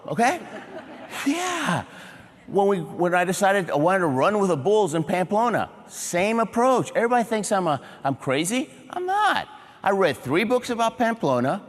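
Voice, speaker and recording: A motivational keynote speaker telling humorous stories in short, punchy phrases, checking in with a large audience. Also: male voice, sits high, sing-song, normal speed. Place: large auditorium before a big audience. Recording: reverberant hall sound.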